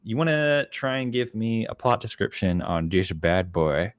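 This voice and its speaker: Low-voiced podcast host, dry close sound. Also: male voice, moderate pace, dry recording. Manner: relaxed, chatty, frequent ums. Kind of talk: casual chat.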